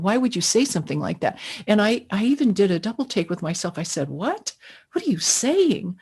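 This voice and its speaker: A woman's voice: mid-range voice, darkish tone, husky. A middle-aged woman telling a personal story, earnest and emotional, acting out what she said to herself. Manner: earnest, emotional storytelling with quoted inner speech. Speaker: witness speaker. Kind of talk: personal testimony.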